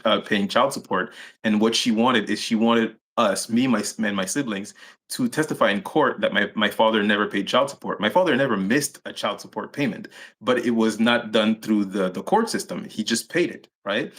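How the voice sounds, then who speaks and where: A man recounting his own childhood in a live interview, halting, with many restarts and fillers. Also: fairly low pitch, fairly bright tone. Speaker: interview guest. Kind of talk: personal story in a live interview.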